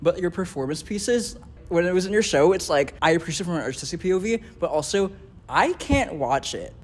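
A man's voice: high voice, expressive, a little fast. A young man, an art student, talking casually in a studio, rambling with lots of "like" and dry teasing. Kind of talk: casual chat.

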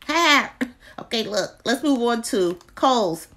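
A woman's voice: on the high side, big pitch swings, slow, pauses often, fairly bright tone. A woman vlogging a casual check-in on store deals, chatty and playful, talking to herself between laughs. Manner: playful, talks to herself, drops into whispers and laughs. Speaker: vlogger reviewing shopping deals.

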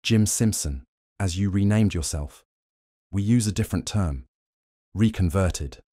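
A man reading an audiobook, voicing a detached government doctor who questions his captive in a measured, unhurried way. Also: sits low, mellow, no room sound, clean studio sound. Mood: cool.

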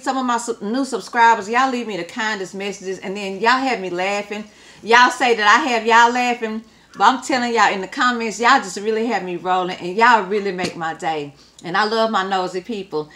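A woman's voice: a little high, moderate pace. Chatty woman vlogging. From Texas. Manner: chatty, addresses viewers as y'all; swings from quiet to loud and animated. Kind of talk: casual chat to camera.

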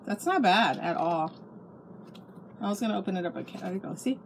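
A woman's voice: medium pitch, expressive, brisk, gravelly, heavy background noise. A middle-aged woman chatting casually at home about a craft haul, gushing and restarting her sentences. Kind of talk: casual show-and-tell chat.

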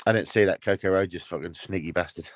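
A man hosting a casual live-stream chat, bantering roughly and swearing. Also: low voice, quick pace, no echo. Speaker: streamer host.

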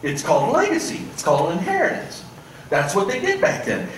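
A male pastor preaching a sermon, swinging between loud, animated stretches and hushed, pointed asides. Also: sits high, a little fast, slight background noise. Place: church sanctuary. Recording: echoey church room, mic at a distance.

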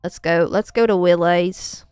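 A woman's voice: lowish voice, steady tone, a little slow, darkish tone, smooth, dry recording, studio quality, soft background music. A woman streaming a farming game, chatting casually and self-mockingly with her viewers. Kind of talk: casual gameplay commentary.

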